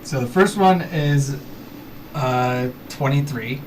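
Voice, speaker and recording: A man playing a tabletop game, working through his turn hesitantly with plenty of fillers. He speaks slowly. He is away from the mic, and a clear hiss runs underneath. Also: mid-range voice. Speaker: player. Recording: distant mic with noticeable hiss.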